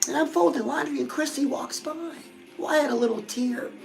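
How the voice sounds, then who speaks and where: A woman hosts a love and dating advice talk in a high, gravelly voice. She chats in a confiding way, as if to a close friend, while faint music plays underneath. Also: fairly quick, darkish tone, poor audio. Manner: chatty, confiding, addresses listeners as girl. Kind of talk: casual advice talk to viewers.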